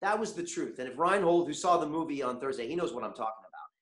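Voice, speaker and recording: A man hosting a motivational online masterclass, energetic and constantly asking his viewers questions. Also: fairly high pitch, fast talker, echoey room. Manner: animated, keeps asking the chat audience questions. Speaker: webinar host.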